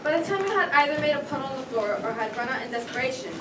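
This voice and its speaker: A woman's voice: high-pitched, expressive, rapid-fire. A woman narrating a stage play in the second person with dramatic, wry storytelling. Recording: echoey stage, far mic, loud noise.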